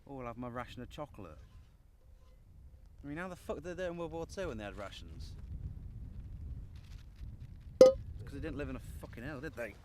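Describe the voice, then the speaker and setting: A man's voice: mid-range voice, very animated, normal speed, pauses often, mellow, slight background noise, close to an everyday voice. A man playing a swearing loner in the wild. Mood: frustrated. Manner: swearing constantly, rambling and grumbling. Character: foul-mouthed, worn-down man surviving alone in the wild. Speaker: survivalist living rough. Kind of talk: improvised mockumentary acting.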